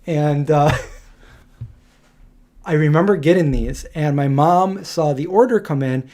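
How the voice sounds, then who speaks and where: Guy in his 40s chatting on a livestream, kinda high voice, mellow, rambly storyteller. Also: a little slow. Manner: rambling and animated, laughing through his stories. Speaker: live stream host. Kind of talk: casual storytelling on a live stream.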